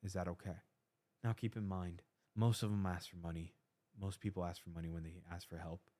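A young man with a very low voice speaks earnestly, sharing a faith testimony on his podcast. He acts out the dialogue as he goes. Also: level tone, brisk, warm tone. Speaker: podcast host.

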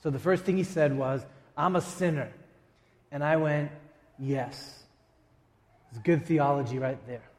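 A man preaching a sermon as a pastor, emphatic, with dramatic pauses and quick asides. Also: on the high side, long reverb tail. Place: church sanctuary.

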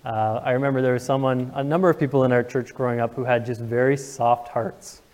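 A man's voice: medium pitch, steady tone, fairly quick, darkish tone, big-room sound. A young man preaching a sermon to his congregation, earnest and emotional, asking the room questions. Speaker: pastor. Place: church sanctuary.

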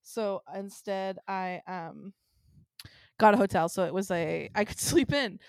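A woman's voice: mid-range voice, unhurried, darkish tone, dry recording, clean studio sound. A woman co-hosting a podcast in casual chat, rambling along with lots of ums and frequent laughs. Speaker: podcast co-host.

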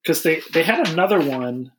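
A man's voice: on the high side, animated, moderate pace, a little hiss or hum. A man co-hosting a casual movie review chat, sarcastically recapping scenes. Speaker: podcast co-host.

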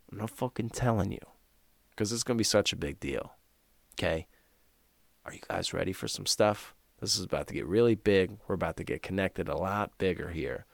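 A man's voice: sits low, gravelly, no room sound. A middle-aged man co-hosting a horror movie podcast, joking and rambling with crude, profane humor. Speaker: podcast co-host. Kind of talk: casual crude chat.

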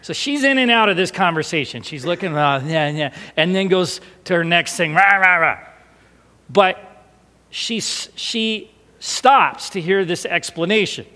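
A male pastor telling a personal story in a sermon, animated and expressive, sometimes falling to a hushed, emotional tone. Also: sits high, measured pace. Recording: long hall reverb.

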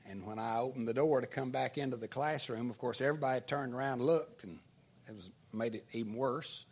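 An older man preaching, telling a folksy childhood story in an animated storytelling sermon style. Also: mid-range voice, brisk, husky.

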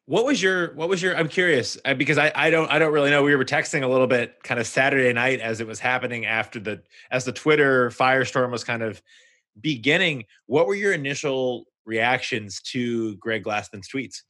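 Bright-voiced male host, hesitant questions. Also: medium pitch, brisk. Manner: hesitant, restarts his questions. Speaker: podcast host. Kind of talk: interview questions.

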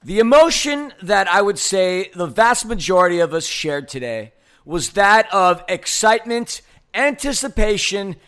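A man co-hosting a sports podcast, hoarse and playful, riffing dramatically. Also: sits high, very animated, a little slow, a bit bright. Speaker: podcast co-host. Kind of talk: casual sports podcast chat.

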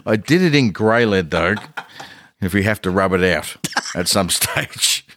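A man with an Australian accent, co-hosting a podcast and telling stories in a loose, rambling way, with lively impressions of the people he quotes. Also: low voice, measured pace, a little hiss or hum. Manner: rambling, animated quoting of others. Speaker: podcast co-host. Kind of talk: casual comedic storytelling.

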